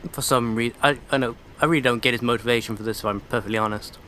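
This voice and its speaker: A man's voice: medium pitch, steady tone, quick pace, bright, forceful tone, slight background noise. A man commenting casually on a video game he is playing, with sarcastic, irreverent asides. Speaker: let's play commentator.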